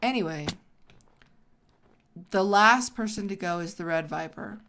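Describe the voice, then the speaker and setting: A woman hosting a gaming video, telling a story in a casual way while she plays and breaks off into excited exclamations. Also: medium pitch, a little slow, slight background noise.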